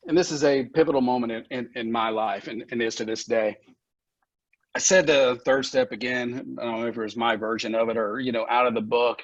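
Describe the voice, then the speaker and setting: A man's voice: medium pitch, husky, no room sound. Frank, profane man telling his story. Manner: frank and profane, laughs often, gets emotional. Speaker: guest, recovery center founder. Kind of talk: candid conversational storytelling. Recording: dull lo-fi podcast audio.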